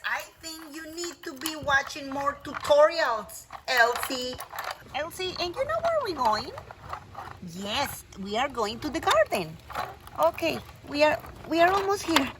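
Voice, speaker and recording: A woman voicing toddler dolls in a playful toy play video, with exaggerated gasps and cries, cooing gently to toy animals. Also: high voice, a little hiss or hum. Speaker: doll play narrator.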